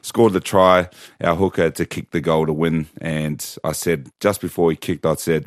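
Deep-voiced laid-back man. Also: fairly even intonation, normal speed, dry recording, studio quality. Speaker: podcast co-host. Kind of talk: casual sports chat.

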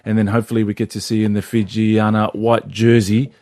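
A man's voice: lowish voice, level tone, quick pace, darkish tone, no echo, clean studio sound. A man hosting a sports show, chatting casually and laughing easily. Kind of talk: casual radio chat.

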